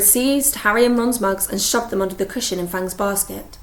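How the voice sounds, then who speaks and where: A woman narrates an audiobook in a steady storytelling manner. Her mid-range voice has a gravelly texture, and the recording sounds roomy. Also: mid-range voice, moderate pace. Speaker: audiobook reader. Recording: echoey room.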